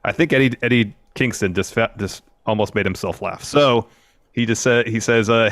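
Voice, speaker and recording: A man's voice: on the low side, normal speed, a bit bright, no room sound. A young man co-hosting a wrestling podcast, recapping events at length in casual chat. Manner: recaps at length, retelling promos in detail. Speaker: podcast co-host.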